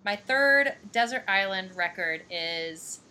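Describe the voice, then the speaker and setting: Giggly woman from Missouri, bright voice. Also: medium pitch, animated, slow, a little hiss or hum. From Missouri, USA. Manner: giggly, rambling with fillers. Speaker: podcast co-host. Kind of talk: casual chat.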